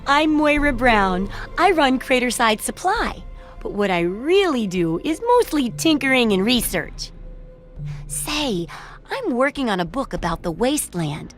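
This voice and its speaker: A woman's voice: fairly high pitch, sing-song, unhurried, faint music behind. An actress playing a cheerful, eccentric female shopkeeper and tinkerer in a video game, talking in a bubbly, eager, chatty way. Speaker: game character.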